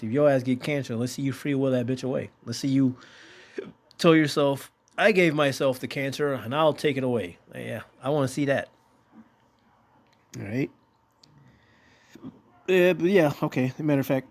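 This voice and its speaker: Here a man with a mid-range, somewhat mellow voice teaches scripture. His style is offhand and direct: he reads verses aloud, swears liberally, and asks questions he doesn't expect answered.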